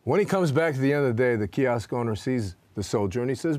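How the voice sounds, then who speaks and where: A man co-hosting a casual talk show, telling jokes and anecdotes with an animated delivery. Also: medium pitch, fast, few pauses, no echo. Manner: animated storyteller. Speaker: co-host. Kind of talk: casual chat.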